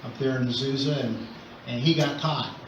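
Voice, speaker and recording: An older man from Southern California shares his recovery story as a speaker at an AA meeting in a meeting hall, talking conversationally with wry humor. His voice is mid-range with fairly even intonation at normal speed. The recording is roomy, distant, and muffled with noise.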